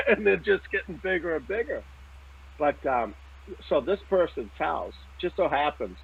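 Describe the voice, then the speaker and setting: A man, telling a story as a psychic medium in lively casual talk, swearing now and then and checking in with "right?". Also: medium pitch, vocal fry, slightly rough. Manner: animated, swears casually, laughs often, repeats "right?" and "okay?". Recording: tinny phone-like line.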